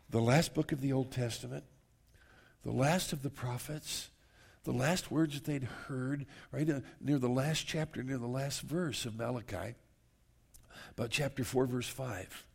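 A man's voice: medium pitch, creaky, breathy edge. A man preaching a verse-by-verse sermon in an earnest, conversational way, turning often to speak straight to his listeners. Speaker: pastor.

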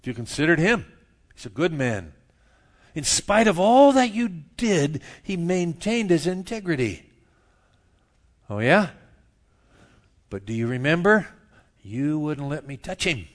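A middle-aged man preaching a sermon, telling stories and swinging from quiet asides to loud outbursts. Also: fairly high pitch, big pitch swings, measured pace, pauses often. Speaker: pastor. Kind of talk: sermon with storytelling.

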